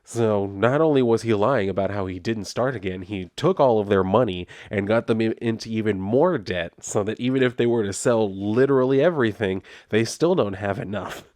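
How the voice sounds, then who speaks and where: Male comic reviewer, rambling conversational recap, low voice, dry sound. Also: normal speed, hardly any pauses, a little mellow, no room sound. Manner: rambling, conversational, many fillers. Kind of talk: casual comic book review.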